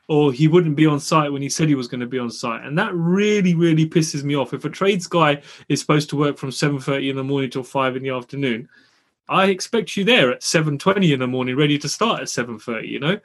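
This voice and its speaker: Animated man telling a story. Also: a little high. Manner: animated storyteller, swears freely. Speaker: podcast co-host. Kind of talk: casual storytelling chat.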